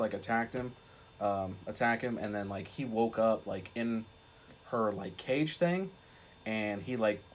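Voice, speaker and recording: A young man co-hosting a podcast, retelling a film in a rambling, casual way, swearing often and filling with "like". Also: medium pitch. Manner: rambling, swears a lot, heavy use of "like". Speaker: podcast co-host. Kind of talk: casual chat.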